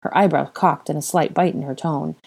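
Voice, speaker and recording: A woman narrating a fan fiction story aloud in an expressive, animated reading. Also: deep voice, fairly quick, vocal fry, slightly rough.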